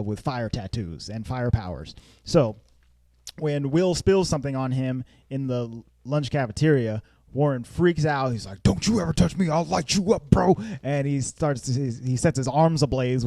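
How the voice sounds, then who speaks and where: A man's voice: warm tone, no room sound. Guy hosting a movie podcast, dead dry mic, laughs a lot and does silly voices. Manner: laughs often, acts out characters in high silly voices. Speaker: podcast host. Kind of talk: casual movie review chat.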